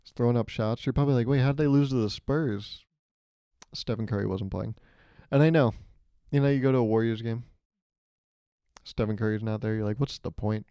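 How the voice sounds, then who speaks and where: A man's voice: medium pitch, fairly quick, long pauses, mellow, smooth, no room sound, dull audio. A young man hosting his own podcast, talking alone into a microphone in a rambling, self-mocking comedic way and laughing at his own jokes. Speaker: podcast host. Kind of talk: solo comedic podcast monologue. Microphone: studio microphone, hears himself in headphones.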